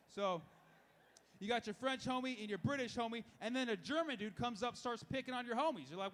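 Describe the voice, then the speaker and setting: High-voiced stand-up comedian man. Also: animated, a bit bright. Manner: rapid-fire punchlines with acted-out voices. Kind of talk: stand-up set. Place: live comedy show.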